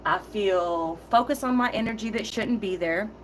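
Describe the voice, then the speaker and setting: A woman's voice: medium pitch, normal speed, slight background noise, low-quality recording. Firm, emphatic woman reading tarot. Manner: firm, emphatic, repeats key phrases; heated, intense delivery. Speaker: tarot reader.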